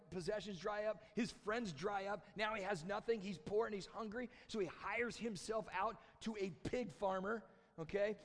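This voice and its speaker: Male pastor, sermon storyteller, bright upper register, big church reverb, swings loud to hushed. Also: high-pitched. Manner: storytelling, acting out quoted voices, swings from loud shouts to hushed near-whispers.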